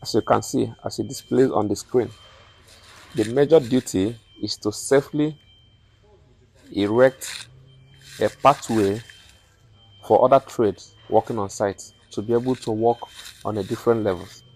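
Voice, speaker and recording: A man's voice: lowish voice, measured pace, long pauses, a little mellow, husky, low-quality recording. A young man, the host of a channel, walks through construction careers in an informal spoken tutorial, methodical and repeating key points for emphasis.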